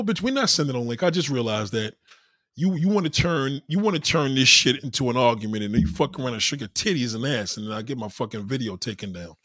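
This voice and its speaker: A man's voice: mid-range voice, fairly bright tone, breathy edge, dry recording, studio quality. A man hosting a live stream, answering his chat in a blunt, profane and boastful way. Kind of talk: casual live-stream monologue.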